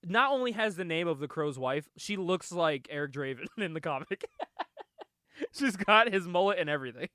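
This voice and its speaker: Animated laughing male podcast host. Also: high voice, normal speed, no room sound, clean studio sound. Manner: laughs often, animated and sarcastic. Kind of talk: casual comic book discussion.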